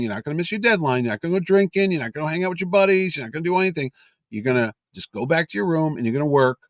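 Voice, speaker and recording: A man putting on the voice of a gruff, commanding older male comic artist who lays down blunt orders, told as a quote in a podcast story. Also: medium pitch, no echo, clean studio sound, natural voice. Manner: bossy, blunt, laying down orders.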